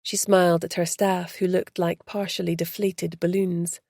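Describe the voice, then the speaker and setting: Gravelly, dark-voiced woman narrator. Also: lowish voice, little pitch movement, normal speed, dry recording, studio quality. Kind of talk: audiobook narration.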